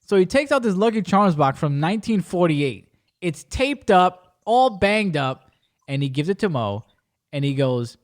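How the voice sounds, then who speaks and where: Pitched fairly high and moving at a moderate pace, the male podcast host spins a casual tale. He performs the other people's parts with lively energy.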